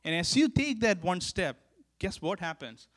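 A man preaching a sermon as pastor, earnest and repeating key lines for emphasis, swinging from emphatic calls to hushed, quiet stretches. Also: high-pitched, big pitch swings, moderate pace.

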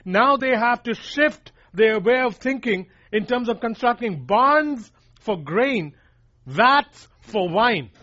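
A man with a notably high voice delivers an emphatic sermon, restating his key points and speaking straight to the congregation as "guys." The recording is dull and lo-fi, with the top end muffled. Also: bright, forceful tone. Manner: emphatic, repeats lines for emphasis, addresses listeners as guys. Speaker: preacher.

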